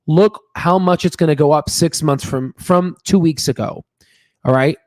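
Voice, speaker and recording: Here the stock channel host speaks in a fairly high voice at normal speed, emphatic and casual, leaning on fillers, repetition, and "okay?" tags as he discusses stocks. The sound is clean studio audio with no echo.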